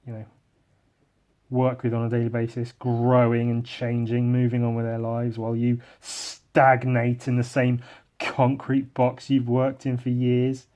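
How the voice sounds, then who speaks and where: A man's voice: mid-range voice, monotone, a little slow, warm tone. A man hosting a solo podcast, rambling in a bitter, sarcastic, self-deprecating way and swearing a lot into a podcast microphone. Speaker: podcast host.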